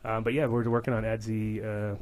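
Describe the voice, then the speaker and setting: Podcast co-host, male, low voice, quick rambling delivery, playful and loose. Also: level tone, a little mellow. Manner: rambling, jokey, talks fast. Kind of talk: casual chat.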